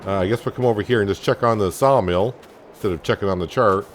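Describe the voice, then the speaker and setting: Guy with a lowish voice chatting thru his farm game, lots of uhs, faint game sounds behind. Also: quick pace, noisy background. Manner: relaxed, thinking aloud with many fillers. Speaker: gaming channel host. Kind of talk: casual let's-play commentary.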